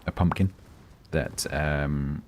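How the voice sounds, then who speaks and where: A man's voice: extremely low pitch, steady tone, slow pace, a little hiss or hum. A man, chatting casually with his stream viewers and rambling with many ums and restarts. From London, England. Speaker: livestreamer. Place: home, United Kingdom.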